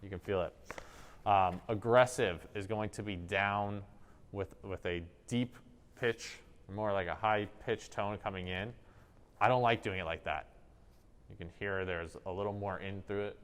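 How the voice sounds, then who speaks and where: A man explaining social-emotional improv exercises in a conversational way, pausing to demonstrate tones of voice. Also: fairly low pitch, steady tone, clean tone. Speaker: improv workshop instructor.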